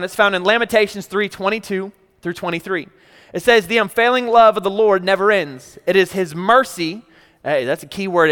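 High, bright-voiced young male preacher. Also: smooth. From Texas. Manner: energetic, conversational preaching with rising exclamations. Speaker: pastor. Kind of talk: sermon. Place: large church hall. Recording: long hall reverb.

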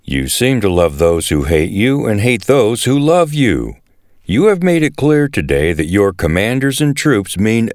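A man reading aloud voices a blunt, stern army commander who scolds forcefully. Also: low voice, dry recording, studio quality.

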